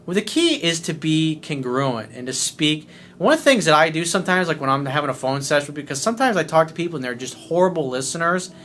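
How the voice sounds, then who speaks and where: A man with a loud, bright, forceful voice pitched a bit high talks straight to the camera as a life coach. His delivery is blunt and peppered with curses, and he keeps a smile in his voice as he talks. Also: expressive, quick pace, few pauses. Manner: blunt and profane; smiling while talking. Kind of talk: casual monologue video.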